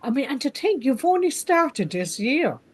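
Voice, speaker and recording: A woman's voice: high voice, sing-song, normal speed. A woman hosting an interview, speaking earnestly with many affirmations; she says she trained as a counsellor. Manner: warm, earnest, frequent affirmations and restarts. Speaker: podcast host and counsellor. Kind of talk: casual interview chat.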